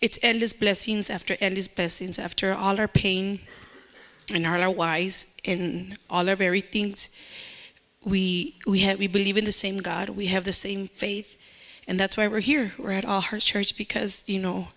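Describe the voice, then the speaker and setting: A woman's voice: mid-range voice, flat delivery, normal speed, a bit bright. Woman, middle-aged, church testimony, heartfelt, repeats words, mixes in spanish phrases. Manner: emotional, repetitive, with Spanish phrases. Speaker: church member giving testimony. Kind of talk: personal testimony.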